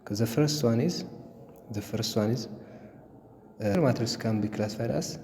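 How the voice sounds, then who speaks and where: A man gives a recorded math lesson at an unhurried pace, often repeating himself and using fillers. His voice is mellow and dark in tone. The recording has a long reverb tail with a faint hiss underneath. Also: mid-range voice. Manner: slow, repetitive explaining with many fillers. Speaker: math teacher.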